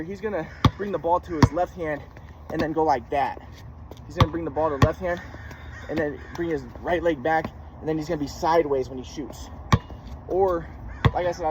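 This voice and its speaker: A man telling a story from his youth in a casual monologue, rambling with many repeats and restarts as he demonstrates moves. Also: fairly high pitch. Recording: clear background noise.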